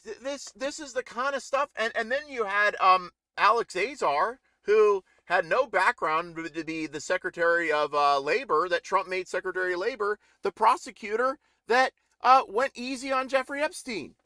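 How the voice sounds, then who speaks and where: A man's voice: high-pitched, moderate pace, few pauses, pushed and bright, no echo, studio quality. A middle-aged man ranting in a casual political live stream, rambling and indignant with many restarts.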